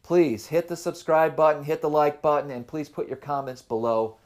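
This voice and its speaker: A man's voice: fairly high pitch, normal speed. A young adult man hosting his own fishing channel, telling his tournament story in a loose, rambling way. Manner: rambling, relaxed storytelling with fillers. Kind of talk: casual vlog talk to camera.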